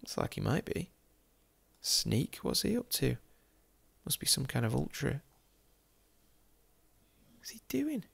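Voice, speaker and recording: A chatty Englishman with a gravelly edge talks casually as he tours a city on screen. He is amused and laughs often, dropping jokey asides at mid pitch. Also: very animated, measured pace, pauses often, a bit bright. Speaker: football game YouTuber. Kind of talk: casual commentary over a virtual street tour.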